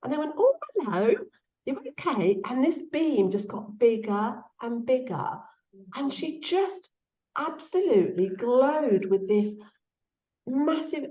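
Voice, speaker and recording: A middle-aged woman speaking casually and heartfelt as a guest, her voice rising when she quotes others. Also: on the high side. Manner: soft-spoken and heartfelt, lifts her voice when quoting. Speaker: guest author. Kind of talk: casual conversational interview. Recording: echoey, slightly dull sound.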